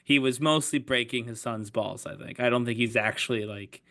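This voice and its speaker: A man's voice: medium pitch, normal speed, fairly bright tone. A man co-hosting a podcast, commenting on a clip in a chatty, reflective way. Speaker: podcast co-host. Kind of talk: casual chat.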